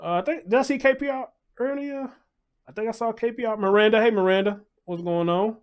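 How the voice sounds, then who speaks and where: A man's voice: high-pitched, brisk, muffled recording. A man hosting a livestream, talking loosely in casual commentary, repeating his points and greeting viewers in the chat.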